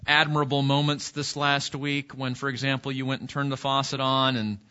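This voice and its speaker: A man's voice: mid-range voice, flat delivery, normal speed, pushed and bright, smooth, dull audio. A man teaching an interactive Bible study lesson in a church classroom, putting questions to the class and often restarting his sentences. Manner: conversational, asks the class questions, frequent restarts.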